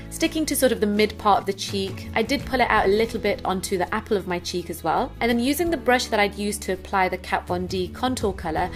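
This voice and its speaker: A woman beauty vlogger talking through a makeup tutorial, bubbly and excitable in her chat and outro. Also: medium pitch.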